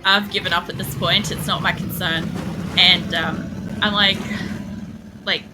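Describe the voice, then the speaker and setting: A woman's voice: fairly low pitch, steady tone, unhurried, music in the background. A young woman streams a game, rambling through stories with a lot of swearing and laughter. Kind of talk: casual live-stream chat while playing.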